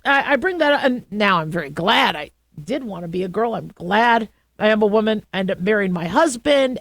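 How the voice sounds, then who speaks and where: A woman's voice: fairly high pitch, no echo. Chatty woman radio host, dry studio mic. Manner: chatty, animated storytelling with frequent fillers. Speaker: radio talk show host. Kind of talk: casual call-in radio talk.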